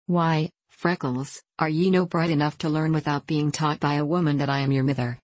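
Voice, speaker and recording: A woman voicing a warm, motherly older Scottish farm wife who speaks slowly in broad dialect. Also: low-pitched, steady tone, no echo. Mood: tender. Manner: broad dialect, slow and heartfelt.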